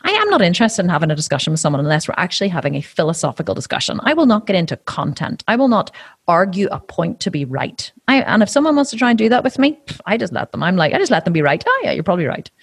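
A woman guest on a podcast talks in a husky voice that swoops up and down a lot. She is blunt and animated, swears freely, and slips into other people's voices to make her points. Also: fairly low pitch, fast, no room sound, clean studio sound. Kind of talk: casual interview chat.

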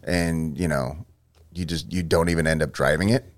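A young man co-hosting a podcast, riffing in a sarcastic, deadpan way with casual profanity. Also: very deep voice, moderate pace, faint music behind. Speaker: podcast co-host. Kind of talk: casual banter.

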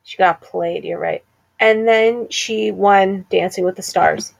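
A woman's voice: mid-range voice, vocal fry. Chatty young woman gossiping. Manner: chatty, gossipy, quick to laugh. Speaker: podcast co-host. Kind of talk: casual chat.

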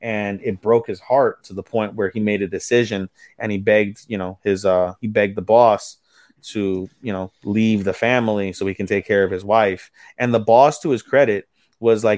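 A man with a low voice talks through anime plots for his podcast, loose and swearing freely, leaning on plenty of fillers. The sound is dry and close, with no room around it. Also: fairly even intonation, moderate pace, darkish tone, dry recording. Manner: loose, profane plot recapping with many fillers. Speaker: podcast co-host. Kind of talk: casual anime review chat.

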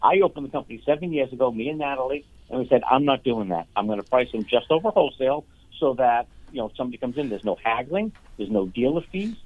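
A man's voice: mid-range voice, expressive, quick pace, no room sound. An earnest male guest who runs a car dealership, talking casually and often restarting his sentences. His voice comes through a thin, phone-like line with no room sound at all. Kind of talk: casual interview.

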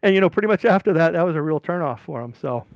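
A middle-aged man from California casually telling a long, rambling story, his voice jumping up high when he quotes people. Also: lively intonation, racing, dry recording, highs cut off. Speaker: podcast guest.

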